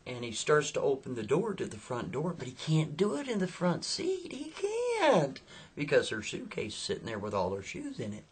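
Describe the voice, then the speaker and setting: A man telling a story in a casual, chatty way, animated and lively, with a husky voice. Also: fairly high pitch, normal speed. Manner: animated, chatty, laughs at own tale.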